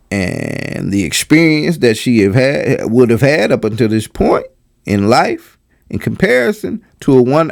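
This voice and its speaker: A gravelly-voiced man reacts to a clip in casual, slangy commentary. His pitch swings wildly as he mocks what he has heard. He stumbles through restarts and rhetorical questions. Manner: mocking, animated, slangy, stammering restarts.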